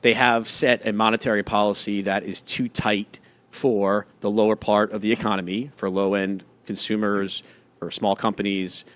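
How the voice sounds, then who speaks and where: A man with a lowish voice speaks on a live trading broadcast. He weighs each point carefully and leans on fillers as he thinks aloud. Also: level tone, normal speed, fairly bright tone. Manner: thoughtful, hedging with fillers. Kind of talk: live market discussion.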